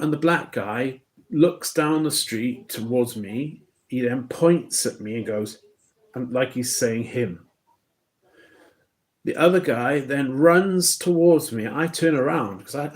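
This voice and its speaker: A man talking to camera in a loose, rambling monologue, often restarting his sentences. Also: mid-range voice. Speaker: vlogger.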